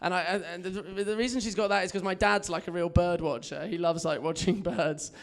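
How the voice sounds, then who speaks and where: A young man with an English accent and a notably high-pitched voice works the room in a comedy club. He talks in a chatty, self-mocking way and laughs at his own lines. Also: steady tone, a little fast. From England. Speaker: stand-up comedian. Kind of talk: stand-up set. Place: comedy club with a live audience.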